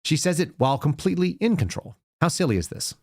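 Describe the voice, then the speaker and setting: Male commentary host, gravelly and sardonic, dry studio sound. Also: a little high, lively intonation, quick pace, a little mellow, no echo. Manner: sarcastic, ranting. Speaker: show host. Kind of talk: political commentary.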